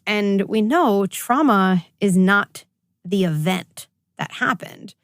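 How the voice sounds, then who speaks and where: A woman clinical psychologist in her forties, talking as a guest in an interview and telling stories with lively quoted voices. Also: medium pitch, slow pace, no echo, clean studio sound. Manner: animated storytelling, acts out quoted voices. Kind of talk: conversational interview.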